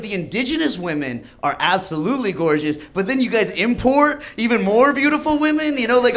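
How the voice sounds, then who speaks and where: Stand-up comic, man, rambling and excitable, voice sits high. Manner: excitable, rambling, exaggerated crowd work. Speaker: stand-up comedian. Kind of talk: stand-up comedy set. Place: comedy club stage.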